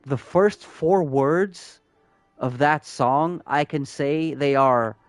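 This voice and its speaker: A man's voice: a little high, takes it slowly, clean tone, no room sound, faint music behind. A man streaming a game live, chatting casually and rambling with his chat. He swears freely as he plays.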